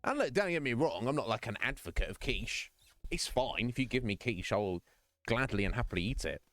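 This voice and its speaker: Animated British man telling stories. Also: medium pitch, fairly quick, no room sound. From Britain. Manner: rambling storytelling with quoted voices and laughs. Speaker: streamer. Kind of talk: casual chat.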